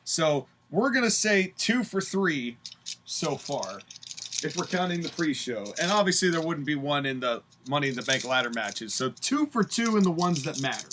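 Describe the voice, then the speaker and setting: A man co-hosting a casual podcast, opinionated and animated as he breaks things down. His voice sits a bit higher than most men's. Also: moderate pace, background noise. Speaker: podcast co-host. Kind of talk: casual chat.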